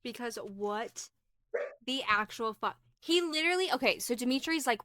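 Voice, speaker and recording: A young woman co-hosting a casual book podcast, animated as she retells scenes and reads passages aloud. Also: on the high side, normal speed, no room sound, studio quality. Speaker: podcast co-host.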